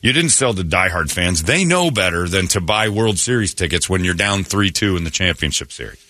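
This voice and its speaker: A man's voice: low-pitched, a little fast, no echo. A man hosting a morning radio show, telling stories with lots of acted-out dialogue and blunt opinions, swearing now and then. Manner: animated storytelling, acts out both sides of conversations. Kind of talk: casual radio chat.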